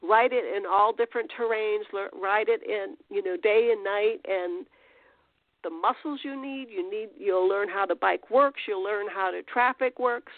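A woman's voice: medium pitch, a little slow, dry recording. A woman hosting a podcast and giving an informal spiritual teaching in a rambling, conversational way with restarts and fillers. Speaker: podcast host. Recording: tinny phone-line audio.

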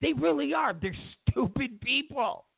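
A man's voice: extremely high pitch, lively intonation, measured pace, gravelly, breathy edge, dry recording. A man hosting a talk show, delivering a heated, mocking political monologue full of repeated phrases. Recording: tinny phone-like sound.

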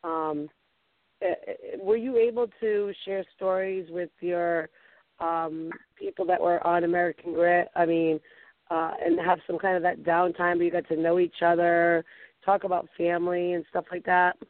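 A woman host with a Boston accent, chatting effusively in an interview, halting often with fillers. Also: fairly low pitch, little pitch movement, dry recording. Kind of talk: casual interview chat. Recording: tinny phone line, dry.

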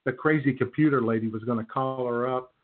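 A man co-hosting a podcast in a mid-pitched voice, sardonic and chuckling, his speech full of fillers. He comes through a thin, phone-like line. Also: brisk. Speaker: podcast co-host. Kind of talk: casual chat. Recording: phone-like narrow band.

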